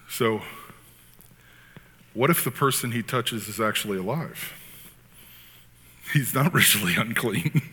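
A man preaching a sermon as pastor, talking in an animated, conversational way with frequent asides. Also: medium pitch, slightly rough. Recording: long hall reverb.

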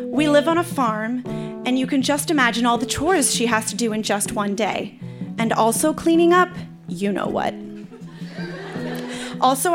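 A woman reading her childhood letter and drawing notes aloud in a live club, amused as she goes. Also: on the high side. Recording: live club with guitar music.

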